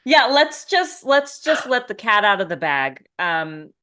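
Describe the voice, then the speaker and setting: A woman's voice: mid-range voice, very animated, measured pace, sharp tone, a little hiss or hum. Teasing woman podcast co-host. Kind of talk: casual chat.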